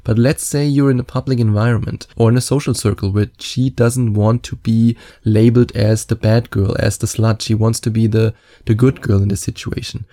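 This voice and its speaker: A man's voice: lowish voice, steady tone, moderate pace, hardly any pauses, mellow. A man speaking as a dating coach in a confident, candid and chatty advice monologue, with self-mocking asides.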